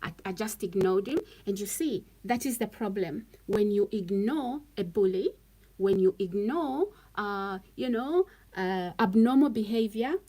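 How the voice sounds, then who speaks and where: This woman's mid-range voice is warm and unhurried as she talks to viewers on a live stream, though the recording quality is low. She stresses her points emphatically, repeats phrases, and frequently checks in with "okay?".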